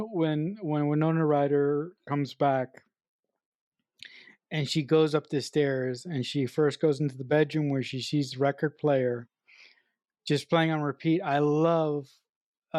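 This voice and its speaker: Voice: mid-range voice, a little mellow, no room sound, studio quality. Podcast co-host eagerly praising directing choices. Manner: enthusiastic, analytical praise of directing choices, emphatic. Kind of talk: casual film review chat.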